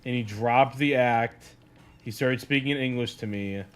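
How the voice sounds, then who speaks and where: A young man spins a casual anecdote in a middle-pitched voice. He keeps it animated and loose, and he leans on "like" as he goes. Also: moderate pace. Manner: animated, heavy use of "like". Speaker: streamer. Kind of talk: casual storytelling.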